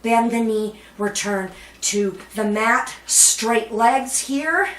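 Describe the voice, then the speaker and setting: A fairly high-voiced woman leads a floor workout at an unhurried pace, chatty, laughing at herself, with cheerful whoops. She sounds slightly out of breath from exercising. The camera mic sits some way off in a roomy, echoing space. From Canada. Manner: calm cueing with bursts of cheerful whoops. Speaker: fitness instructor. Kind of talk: guided exercise instruction. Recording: roomy echo, voice from a distance.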